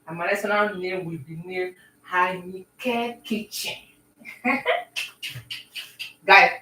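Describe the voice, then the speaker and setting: A woman chatting with viewers on a live stream while she bakes at home, talking warmly and greeting people by name. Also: fairly low pitch, reverberant, distant mic, slight background noise, low-quality recording. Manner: warm, talkative, talks to viewers by name. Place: home kitchen.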